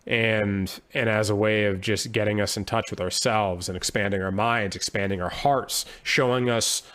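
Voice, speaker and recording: A poet and musician guests on a podcast in a conversational interview, speaking earnestly and reflectively. His voice is lowish, steady, and a bit bright at normal speed, and he often restarts sentences as he thinks aloud.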